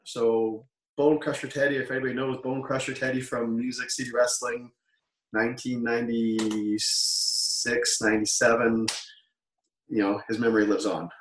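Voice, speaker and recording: A Canadian man in his forties spins loose stories as an interview guest, backtracking and correcting himself in an easy, mid-pitched voice. He sits back from the mic in a room that echoes, so he sounds distant and hollow. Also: little pitch movement, moderate pace, a little hiss or hum. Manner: rambling, self-correcting, laughs while telling stories. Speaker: guest, former wrestler. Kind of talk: casual interview storytelling.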